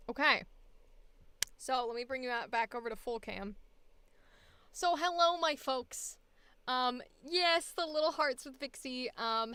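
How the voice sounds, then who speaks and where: A woman streamer and voice actor chats casually with her viewers, rambling from thought to thought with plenty of fillers. Her voice is smooth and clear, pitched a touch high. It is close on the mic and dry. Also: fairly bright tone, no room sound. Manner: rambling, many fillers and restarts. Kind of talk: casual livestream chat.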